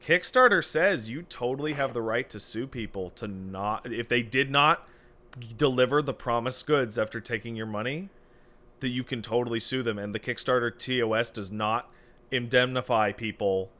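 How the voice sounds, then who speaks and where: A man co-hosting a casual podcast chat, animated and swearing, his voice climbing to loud peaks. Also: mid-range voice, normal speed. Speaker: podcast co-host.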